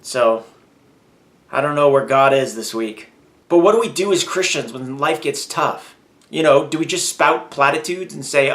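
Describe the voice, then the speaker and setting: A man's voice: medium pitch, fairly even intonation, normal speed, fairly bright tone. A man talking candidly in a personal vlog, venting and growing heated and emphatic as he goes. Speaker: vlogger.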